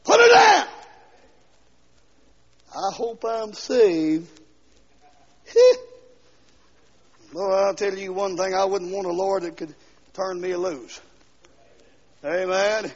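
Preacher man, really high gravelly voice, hollering then going quiet, old lp sound with long church echo. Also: takes it slowly, pauses often. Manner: swings from quiet asides to shouted, sung-out lines. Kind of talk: fiery revival sermon. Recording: dull 1970s LP recording with long hall echo.

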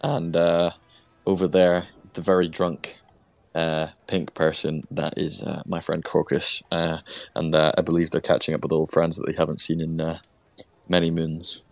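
A male tabletop player with a very deep, gravelly voice. He speaks haltingly and fills pauses often. The sound is close and dry. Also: flat delivery, dry recording. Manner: halting, with many fillers. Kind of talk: tabletop role-play.

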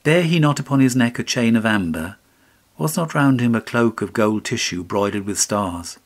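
A man's voice: medium pitch, animated, moderate pace. An actor reading an audiobook, voicing a ragged beggar woman who pleads mournfully as a grieving mother. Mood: urgent.

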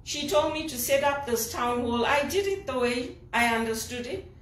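Woman from Zimbabwe, executive assistant, venting emphatically; slightly high voice, picked up from across a room. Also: animated, normal speed, fairly bright tone. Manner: indignant, emphatic complaining. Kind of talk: personal vlog monologue. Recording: roomy, distant from the mic.

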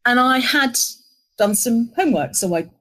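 A middle-aged woman, telling an animated work anecdote in an interview and acting out the lines of the people in it. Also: a little high, moderate pace, poor audio. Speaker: interview guest, agency executive. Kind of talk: conversational storytelling.

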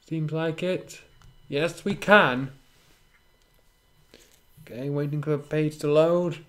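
A man reading a fan story aloud and breaking off for sarcastic comments on the writing. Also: on the high side. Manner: sarcastic, interrupts the reading with wry remarks. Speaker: reader and commentator. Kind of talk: reading fan fiction aloud with snarky asides.

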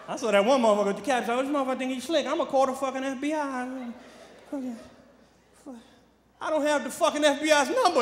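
A man from New York with a New York accent doing a brash, profane stand-up comedy set, swinging from muttering to shouting. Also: extremely high pitch, fast talker. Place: large comedy venue with a live audience. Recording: echoey hall with crowd noise.

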